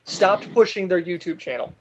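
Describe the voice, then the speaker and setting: High-voiced, animated podcast host. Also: male voice, lo-fi sound, slight background noise. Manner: animated, exasperated rants, quick laughs. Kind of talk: casual chat.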